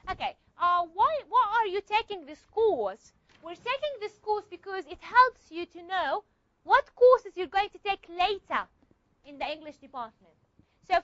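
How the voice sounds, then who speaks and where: In a university linguistics classroom, a woman with a very high, sharp voice lectures step by step and checks in with her students. There's no echo, though the lo-fi recording is slightly muffled.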